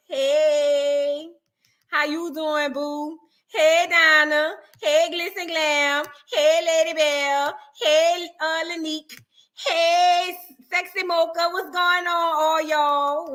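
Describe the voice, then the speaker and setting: A woman with a New Orleans accent hosting a casual livestream, greeting viewers in an animated, playful way and calling them boo and girl. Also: high voice, slow pace. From New Orleans, Louisiana. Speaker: livestream host.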